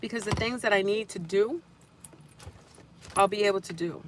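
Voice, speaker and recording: A woman's voice: medium pitch, normal speed, background noise. A woman hosting a casual livestream, telling a spiritual story in a rambling way and repeating and restarting her phrases.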